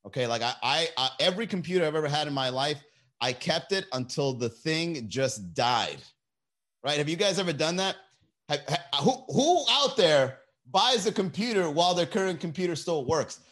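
Brief: male comedy podcast host, slightly high voice, loose and profane, desk mic. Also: normal speed. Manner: profane, animated, laughs often. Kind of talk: casual comedy monologue on a livestream. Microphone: desk mic with mixer.

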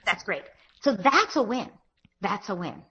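A woman giving calm, step-by-step parenting advice in a podcast interview, often acting out gentle words to children. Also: mid-range voice, unhurried, breathy edge, dull audio. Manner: calm, explanatory, acts out gentle parent dialogue. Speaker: parenting expert guest.

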